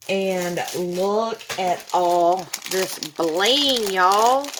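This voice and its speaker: A woman's voice: medium pitch, fairly bright tone, a little hiss or hum. A woman, gushing as she unboxes gifts in a casual vlog. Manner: gushing and effusive, says y'all. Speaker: vlogger.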